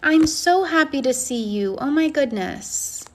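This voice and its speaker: A woman's voice: high-pitched, lively intonation, measured pace, slight background noise. A woman coaching and chatting on a phone live stream, effusive and encouraging as she answers comments. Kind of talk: casual live-stream chat, reading comments.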